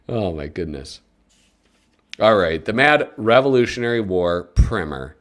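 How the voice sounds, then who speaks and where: A man's voice: fairly low pitch, slow pace. A man hosting a casual live stream, chatting with viewers and joking as he reads a comic magazine aloud. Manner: animated and joking, with sudden excited yelps; talks to chat viewers.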